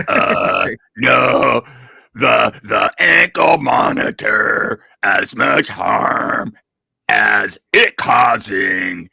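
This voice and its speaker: A man doing a gravelly stammering man on house arrest. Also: lowish voice, animated, bright, forceful tone, no echo, studio quality, heavily acted. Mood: mocking. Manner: halting, stammering, repeated words.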